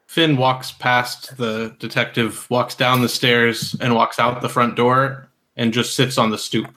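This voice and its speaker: A man's voice: mid-range voice, flat delivery, a little slow, pushed and bright. A man playing a tabletop game, narrating his character's actions tersely. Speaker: player. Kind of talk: tabletop role-play.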